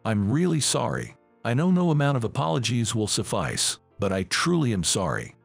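A man's voice: medium pitch, huge pitch swings, moderate pace, creaky, no room sound, faint music behind, exaggerated voice. A man reading the part of an older company president who is a remorseful father, in a storybook reading. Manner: earnest, apologetic.

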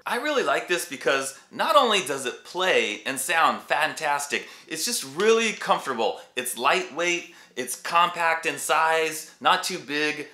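A man's voice: on the high side, pushed and bright. A man hosting a casual, enthusiastic guitar review, chatting to viewers as he demonstrates. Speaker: guitar reviewer and YouTube host. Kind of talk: casual product review and demo. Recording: echoey room.

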